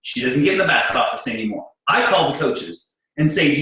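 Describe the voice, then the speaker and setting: Blunt, bright-voiced man in an echoey room. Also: on the high side, normal speed, few pauses. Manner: blunt and animated, acting out quoted exchanges. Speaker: guest, business partner of his wife. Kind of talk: candid storytelling to an audience.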